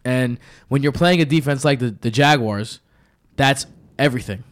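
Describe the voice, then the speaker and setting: A man's voice: mid-range voice, normal speed. A man co-hosting a sports podcast, giving a confident, emphatic breakdown of a football game. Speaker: podcast co-host. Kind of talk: sports analysis monologue.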